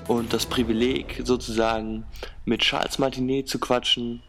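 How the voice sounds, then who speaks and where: A man's voice: medium pitch, level tone, normal speed, music in the background. A man hosting a podcast, giving a casual, upbeat introduction to a special episode. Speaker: podcast host.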